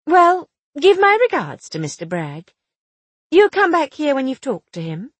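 A quick-witted young woman amateur sleuth, voiced by a woman reader talks in a chatty, teasing way, her pitch swinging widely and running a bit high. The voice is soft and breathy and close to the mic with a dry sound. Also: wildly swooping pitch, dry recording, heavily acted. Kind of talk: audiobook dialogue reading.

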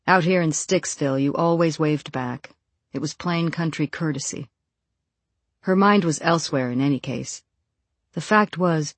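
A narrator reads a novel in a steady, measured way, letting quoted lines drop a little softer. The sound is close and dry, with no room around the voice, and the pitch sits in a middle register. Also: no echo. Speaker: audiobook narrator. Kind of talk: scripted narration.

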